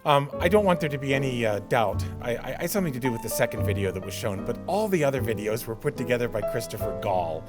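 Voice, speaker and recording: A man emceeing a tribute event, introducing videos in an upbeat, slightly halting way. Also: medium pitch, lively intonation, music in the background. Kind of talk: casual announcements.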